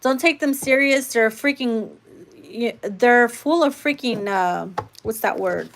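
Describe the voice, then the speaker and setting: A woman's voice: on the high side, slow, vocal fry, a bit bright. A woman giving a casual live tarot reading, talking bluntly and swearing freely. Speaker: tarot reader.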